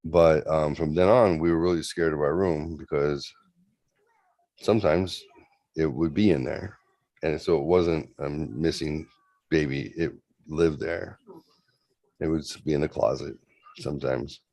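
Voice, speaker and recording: A man with a very deep, darkish voice recounts a spooky story as a host, rambling casually at an unhurried pace with frequent pauses. His tone stays steady, and he raises his voice to act out the characters' lines. The recording has no echo.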